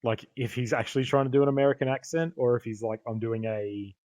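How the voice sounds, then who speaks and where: Man, mid pitch, laughs a lot, dry close recording, casual film chat. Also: steady tone, fast talker, a little mellow, no room sound. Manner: laughs often, acts out quoted lines. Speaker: podcast co-host.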